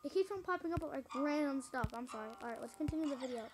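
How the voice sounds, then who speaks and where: A young female gaming YouTuber gives frustrated, exclamatory gameplay commentary to her viewers in a high, lively voice at a fast pace. Loud game music plays behind her, and the recording quality is low.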